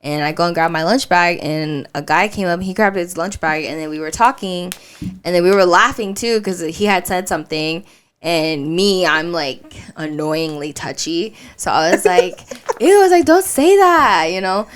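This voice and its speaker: A woman's voice: lowish voice, moderate pace, clear, resonant tone. A young woman co-hosting a podcast, telling stories in casual chat with frequent laughter. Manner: animated storytelling with frequent laughs. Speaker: podcast co-host.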